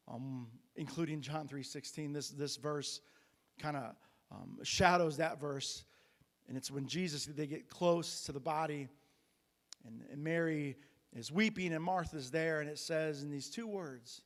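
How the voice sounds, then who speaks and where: Man preaching in a reverberant church hall. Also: fairly high pitch. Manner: storytelling with many restarts and fillers. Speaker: pastor. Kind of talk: sermon. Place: church sanctuary.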